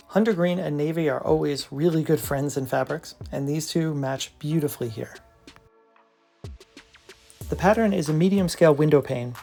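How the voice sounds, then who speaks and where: Brand presenter for scripted product narration: gravelly texture at a mid pitch, openly enthusiastic, faint music underneath. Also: dark tone. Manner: enthusiastic, admiring.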